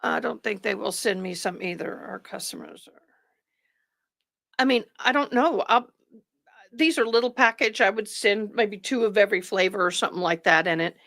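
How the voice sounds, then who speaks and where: A woman's voice: medium pitch, moderate pace, gravelly, no room sound. Chatty woman livestream host. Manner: chatty, rambling, warm toward viewers. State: tired. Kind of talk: casual chat with live viewers.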